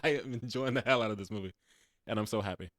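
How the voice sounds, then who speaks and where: A young man in his late twenties co-hosts a casual movie podcast, his voice low and recorded dry and close. He is animated, laughs a lot and slips into quick impressions of the characters. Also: no echo. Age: late 20s. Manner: animated, laughs often, acts out quotes. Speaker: podcast co-host. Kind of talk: casual movie review chat. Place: podcast studio.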